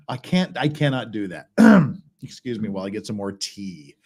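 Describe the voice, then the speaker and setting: A man talks through legal filings in a loose, sarcastic stream commentary. His delivery is animated, his pitch rising and falling a lot, and he laughs readily at his own jokes. His speech sounds a little thick, as if his tongue were swollen. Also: moderate pace, gravelly, slightly rough. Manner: sarcastic, mocking, laughs often. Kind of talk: casual livestream commentary.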